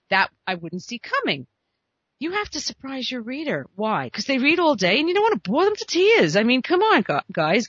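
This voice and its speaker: A woman at an average pitch talks aspiring writers through what makes a script work. She is emphatic and animated, throwing out rhetorical questions and answering them herself. The recording is dry, dull and lo-fi. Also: no room sound. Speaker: script reader giving screenwriting advice. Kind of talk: energetic advice monologue to viewers.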